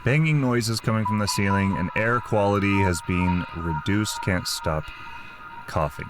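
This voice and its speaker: A man's voice: lowish voice, unhurried. A man playing a game, joking around and reading its text aloud in casual commentary. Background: game music.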